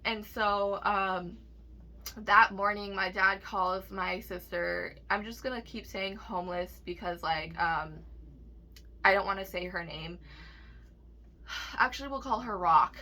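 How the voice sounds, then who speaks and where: A woman's voice: mid-range voice, a little slow, sharp tone. A young woman vlogger telling a personal story in a candid, casual rant, swearing often and leaning on fillers and tag questions.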